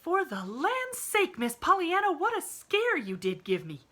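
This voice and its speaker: A woman's voice: mid-range voice, big pitch swings, moderate pace, pushed and bright, breathy edge, voice pushed up, full character voice. A woman voicing a flustered, kindly young housemaid with rustic, folksy speech and frequent exclamations.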